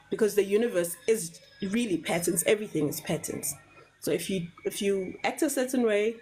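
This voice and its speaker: A woman's voice: lowish voice, darkish tone, poor audio. South African woman explaining things patiently. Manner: measured, repeats words while finding phrasing, checks in with "right?". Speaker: guest on a live talk show. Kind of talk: explanatory conversational talk.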